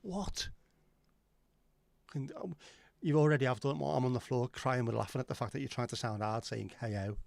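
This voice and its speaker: A man's voice: medium pitch, fairly even intonation, quick pace, vocal fry, few pauses, darkish tone, no echo. A man hosting a livestream, rambling and joking as he chats with viewers and swears casually. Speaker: livestream host. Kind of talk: casual chat reading viewer comments.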